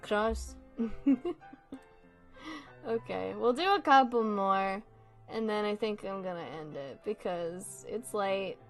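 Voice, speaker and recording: A young woman hosting a casual video, reading online posts and commenting in an animated way, swearing freely and laughing often. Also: medium pitch, slow pace, long pauses, soft background music.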